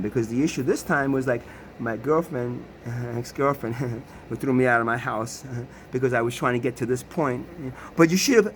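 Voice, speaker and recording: A man's voice: mid-range voice, a little hiss or hum, rough recording. A middle-aged man from Queens, New York, rambling agitatedly through a profane, stammering personal monologue. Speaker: vlogger.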